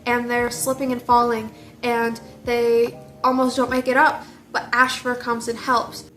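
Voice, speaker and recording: A young woman casually retelling a book series, animated and jokey. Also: on the high side, unhurried. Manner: animated, gushing, jokey storytelling. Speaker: book reviewer. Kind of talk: casual chat.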